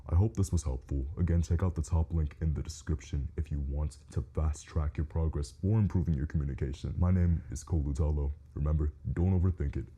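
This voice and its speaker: A man giving steady, direct advice as a communication coach in a direct-to-camera instructional talk. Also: rumbling low, brisk, few pauses, breathy edge.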